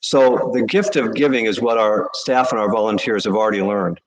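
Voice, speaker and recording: A man, a charity CEO, answering interview questions with earnest, animated storytelling. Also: lowish voice, normal speed, poor audio.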